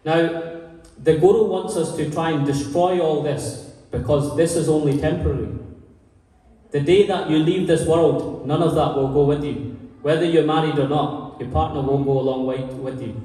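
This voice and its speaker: A man's voice: a little high, fairly even intonation, moderate pace, mellow. A man giving a sermon as a Sikh preacher, telling stories earnestly and recounting conversations. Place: gurdwara hall. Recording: echoey hall, voice from far off.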